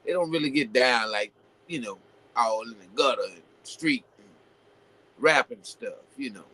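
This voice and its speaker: A man hosting his own show, talking casually and at length, full of "you know" fillers and restarts, building into animated rhetorical questions. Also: mid-range voice, normal speed, low-quality recording. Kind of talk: casual opinion monologue.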